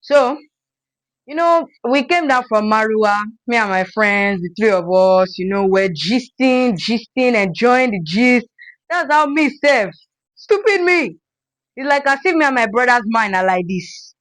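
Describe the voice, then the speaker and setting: Young Nigerian woman, high voice, animated storytime vlogger. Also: measured pace, no room sound, rough recording. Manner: animated, dramatic storyteller acting out scenes. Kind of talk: storytime vlog.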